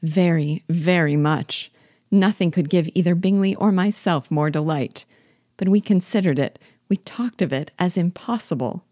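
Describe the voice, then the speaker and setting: A woman reading the part of a gentle, earnest young elder sister in an audiobook-style reading, sounding tender and easily astonished. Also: fairly low pitch, moderate pace, dry recording, clean studio sound, close to an everyday voice.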